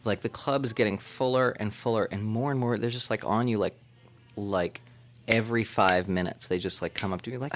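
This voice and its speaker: A man from Boston, a radio reporter, telling a long anecdote in a casual, lively way and acting out other people's lines in a higher voice. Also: a little fast, soft background music. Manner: animated, acts out quoted voices in falsetto. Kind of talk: storytelling anecdote.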